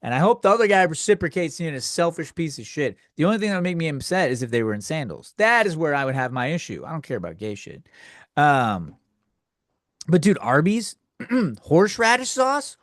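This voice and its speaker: A man's voice: a little high, sing-song, moderate pace, dry recording, clean studio sound. A man hosting a solo comedy podcast, ranting crudely and rambling, acting out the people in his stories. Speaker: podcast host.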